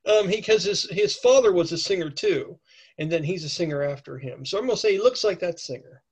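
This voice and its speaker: Guy running a tabletop game with a cold, chatty, slightly high voice. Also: animated, brisk, husky. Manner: chatty, with many fillers and okays. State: has a cold. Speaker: game master.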